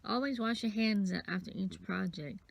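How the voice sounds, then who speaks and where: A woman's voice: medium pitch, normal speed, vocal fry. A sniffly woman casually rambling through a bead-bracelet craft tutorial, counting beads aloud as she works. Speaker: craft vlogger.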